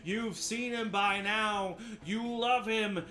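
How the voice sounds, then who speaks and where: A man voicing a male tournament announcer who calls out fighters with showy, drawn-out hype. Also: high-pitched, fairly even intonation, sharp tone, voice pushed up, full character voice. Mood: hyping.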